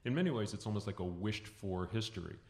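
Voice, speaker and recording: A man's voice: fairly low pitch, animated, fast talker, creaky, a little mellow. A man interviewing a guest onstage, asking long, thoughtful, winding questions. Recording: echoey room.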